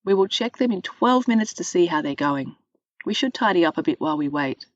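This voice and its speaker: A woman reading a storybook voicing a kind mother who gently gives baking instructions. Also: lowish voice, animated, fairly quick, no room sound, muffled recording, close to an everyday voice.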